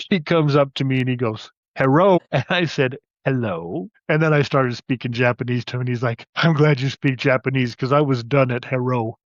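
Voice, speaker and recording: Male interview guest, storyteller, mid pitch, dry muffled mic. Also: moderate pace, no echo. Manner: storytelling, animated anecdotes. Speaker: podcast guest, side hustle coach. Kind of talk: casual interview talk.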